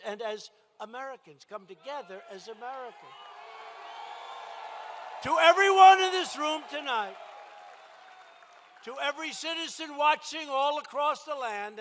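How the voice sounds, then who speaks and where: A man's voice: very high voice, bright, forceful tone, a little hiss or hum. A man giving a campaign rally speech in a large indoor venue, talking emphatically and repeating his phrases for punch. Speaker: politician addressing a rally.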